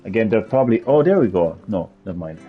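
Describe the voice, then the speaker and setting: A man's voice: fairly low pitch, sing-song, quick pace. A man giving casual, rambling let's-play commentary, blunt and thinking aloud. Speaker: gaming video host. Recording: lo-fi with game music behind.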